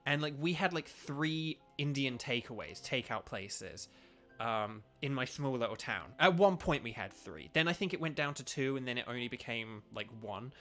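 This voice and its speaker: Faint music plays behind a young man from the UK who rambles chattily through a gaming stream, full of filler words. He's a streamer and voice actor, speaking at medium pitch and a moderate pace with lively intonation and a fairly bright tone.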